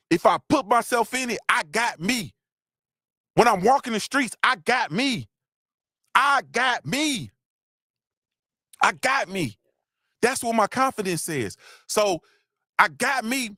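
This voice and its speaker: Man, middle-aged, live motivational talk, repetitive and heartfelt, higher pitch. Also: no room sound, studio quality. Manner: repetitive, preachy, shouts out viewers; gets emotional, voice drops low.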